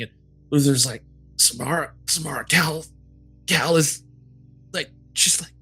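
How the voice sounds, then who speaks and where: A man's voice: medium pitch, sharp tone. A man narrating a tabletop game as game master, in a casual, rambling way with many fillers.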